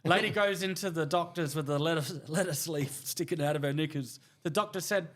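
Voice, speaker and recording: An Australian man co-hosting a podcast, ribbing his partner with quick, teasing, crude banter. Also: on the high side, fairly bright tone. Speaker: podcast co-host. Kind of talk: casual crude joke-telling chat.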